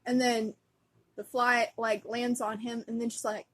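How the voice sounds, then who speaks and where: Higher-voiced woman rambling about stuff she loves, giggly, takes her time. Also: little pitch movement, unhurried. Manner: giggly, rambling, lots of fillers. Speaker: vlogger. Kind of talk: casual fan chat.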